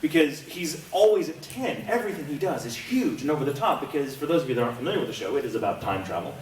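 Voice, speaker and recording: A man's voice: on the high side, expressive, quick pace, a little hiss or hum. A man telling a rambling, self-mocking story as a voice actor guest on a convention panel. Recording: echoey room, distant mic.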